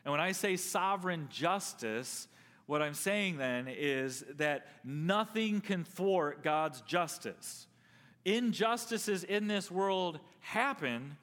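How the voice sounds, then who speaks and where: A man preaching a sermon as pastor, earnest, leaning on slow emphatic stresses. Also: fairly high pitch, a bit bright. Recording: long hall reverb.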